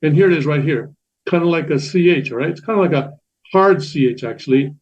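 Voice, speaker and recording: A man's voice: a little high, fairly quick, darkish tone. A man teaching a class, talking patiently with many fillers, restarts and repetitions. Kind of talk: classroom lecture explaining Korean letters. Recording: dull lo-fi sound.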